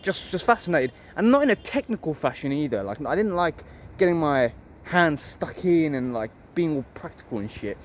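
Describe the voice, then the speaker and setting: High-voiced man musing aloud. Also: sing-song, normal speed, slight background noise. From Harlow, Essex, England. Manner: rambling, musing, swears freely. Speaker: vlogger. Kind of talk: casual philosophical monologue.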